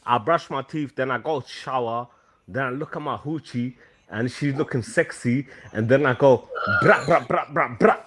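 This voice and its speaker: Guy swearing a lot, defensive, street slang, average pitch. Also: normal speed, dry recording. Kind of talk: casual chat.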